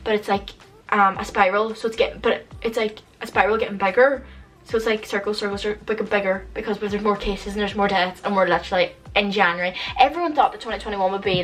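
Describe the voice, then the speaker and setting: A UK woman in her late teens, a vlogger, rants casually to camera at home, rambling and exasperated, saying "like" constantly. Her voice is medium-pitched and a bit bright, recorded from a distance on a rough recording.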